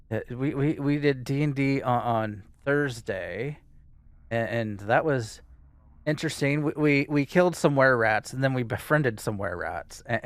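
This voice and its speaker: A man's voice: medium pitch, smooth, no echo. A man co-hosting a casual gaming podcast, rambling and hesitant as he chats. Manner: rambling, hesitant, many fillers and restarts. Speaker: co-host.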